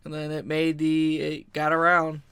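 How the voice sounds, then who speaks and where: Man, casual storytelling, gravelly, bright and sharp, dry close sound, laughs often. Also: a little high, normal speed, dry recording. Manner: animated, laughing, acts out quotes; swears casually. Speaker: podcast guest.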